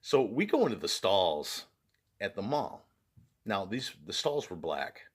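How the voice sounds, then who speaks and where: A man's voice: on the low side, big pitch swings, measured pace, breathy edge. A man vlogging, telling a personal story in a casual way, often laughing and using fillers like "like" and "you know".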